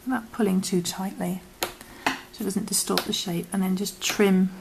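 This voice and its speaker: A woman teaching crochet step by step, talking softly and often dropping to a whisper while she works, as if losing her voice. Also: medium pitch, fairly even intonation, normal speed, gravelly, noisy background. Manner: soft, half-whispered instructions while working. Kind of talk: step-by-step craft tutorial.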